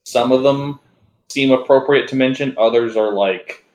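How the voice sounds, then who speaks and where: A man's voice: mid-range voice, moderate pace, darkish tone, reverberant, low-quality recording. A man co-hosting a comic book podcast, making wry, sarcastic remarks. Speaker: podcast co-host. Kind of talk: casual chat.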